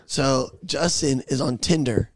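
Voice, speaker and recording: A man's voice: mid-range voice, unhurried, no room sound, clean studio sound. A young man co-hosting a podcast, telling a rowdy, profane story in a casual chat. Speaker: podcast co-host.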